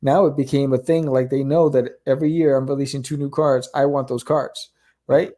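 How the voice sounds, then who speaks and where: A man talking in a casual podcast conversation about selling his comics, animated and ending points with a quick question. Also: medium pitch. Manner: animated, keeps asking "right?". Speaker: comic creator guest.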